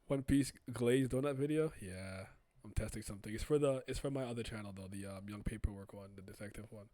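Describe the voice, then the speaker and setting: A man casually chatting on a livestream, reviewing comic chapters, animated and laughing often. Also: on the low side, quick pace, no room sound. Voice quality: animated, laughs often, swings loud and soft. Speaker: streamer reviewing manga chapters.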